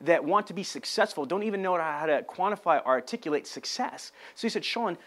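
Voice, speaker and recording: A man giving a motivational business talk, loud and emphatic, acting out dialogue as he tells a story. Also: on the high side, lively intonation, a little fast. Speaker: sales trainer.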